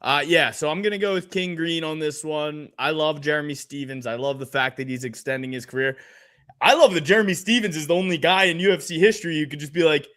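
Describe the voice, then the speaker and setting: Joking man with a higher voice. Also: quick pace, fairly bright tone. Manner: laid-back, laughs often, joking. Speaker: podcast co-host. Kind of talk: casual picks chat.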